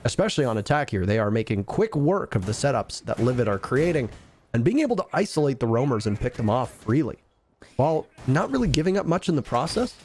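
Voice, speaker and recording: A man's voice: mid-range voice, very animated, fast talker, darkish tone, a little hiss or hum. A man doing color commentary on an esports match, breaking down play in an emphatic, analytical way.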